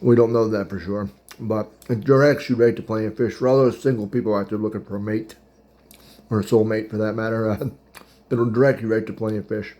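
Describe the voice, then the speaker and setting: A man's voice: on the low side, steady tone, fairly quick, dark tone. A man in his thirties telling a rambling, chatty story about his dating past, eating while he talks and laughing at his own tale. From Pittsburgh area. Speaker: podcast host. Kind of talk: casual storytelling.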